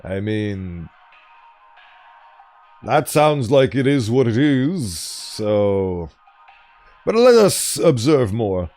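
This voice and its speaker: Chatty man streaming gameplay, animated and jokey, mid-pitched. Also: very slow, long pauses, faint music behind. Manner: playful, chatty, laughs often. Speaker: streamer playing a game. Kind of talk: casual gameplay commentary.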